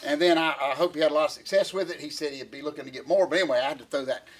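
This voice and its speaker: High-voiced rambling folksy man. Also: rapid-fire, slight background noise. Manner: rambling folksy storytelling, calls partner "boy". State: out of breath. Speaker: podcast co-host. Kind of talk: casual chat.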